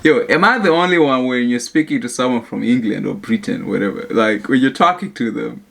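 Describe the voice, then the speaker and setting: A man hosting a reaction video, relaxed and chatty as he comments. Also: mid-range voice, a little fast, creaky, slight background noise.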